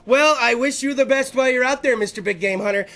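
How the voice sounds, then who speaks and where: A man's voice: extremely high pitch, fast talker, a bit bright. A man hosting a podcast, ranting comedically, rambling and heavy with profanity. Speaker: podcast host. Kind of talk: comedic rant.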